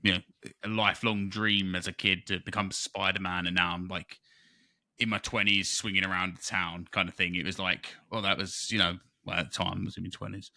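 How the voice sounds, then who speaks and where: Brief: man, low, bright voice, excitable rambling podcast co-host. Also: brisk, creaky, no room sound. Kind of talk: casual chat.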